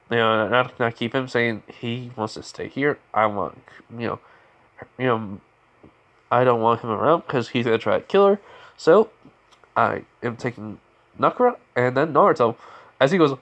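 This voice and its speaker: A man's voice: mid-range voice, moderate pace, long pauses, fairly bright tone. A man casually retelling a fan story in a loose, rambling way, full of fillers and restarts, briefly lifting his voice to quote characters.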